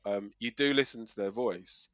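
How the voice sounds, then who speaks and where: A man's voice: fairly low pitch, moderate pace, a bit bright, no echo. A middle-aged man from Kent with a South East English accent, chatting casually and rambling through a story with fillers and restarts. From Kent, South East England. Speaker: podcast co-host. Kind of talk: casual chat. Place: living in Australia.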